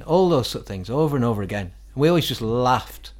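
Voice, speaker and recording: A middle-aged man with a Northern English accent, a musician guest telling animated stories in a casual interview. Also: mid-range voice, brisk. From England. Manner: animated, quotes others in acted-out voices, laughs often.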